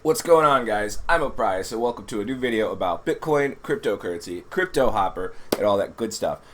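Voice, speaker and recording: A man with a very low voice talks through his vlog in a chatty, rambling way. He sounds under the weather with a cold, and a faint hum of noise sits behind him. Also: lively intonation, brisk. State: sick with a cold. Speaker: crypto vlogger. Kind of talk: casual vlog commentary.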